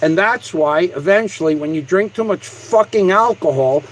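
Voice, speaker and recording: High-voiced man ranting and swearing. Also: expressive, moderate pace, poor audio. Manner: angry, repetitive and heavily profane. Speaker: livestreamer. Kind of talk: profane rant on a livestream.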